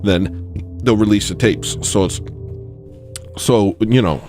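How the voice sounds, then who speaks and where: A man's voice: lowish voice, slow, music in the background. A man hosting a podcast, telling a rambling story with digressions and laughing asides, often checking in with "you know what I mean.". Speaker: podcast host. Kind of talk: casual rambling monologue.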